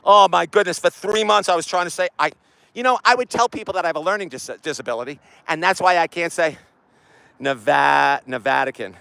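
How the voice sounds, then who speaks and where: Man, high bright voice, dry close sound, street vlog, rambling. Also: quick pace, creaky, clean tone, no room sound, low-quality recording. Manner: excitable, loud and rambling, talks to his phone. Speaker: street vlogger. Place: outdoors on a city street. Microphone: phone camera set down nearby.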